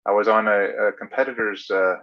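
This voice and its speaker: A man's voice: fairly low pitch, fairly even intonation. Easygoing Canadian-born man, muffled audio. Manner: easygoing, halting with fillers. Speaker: livestream host. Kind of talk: casual group chat.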